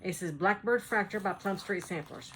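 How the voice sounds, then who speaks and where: A North Carolina woman with a Southern American accent chats casually at home as a cross-stitch vlogger, rambling and laughing a lot. Her voice sits at medium pitch with a fairly bright tone and a moderate pace. There's slight background noise.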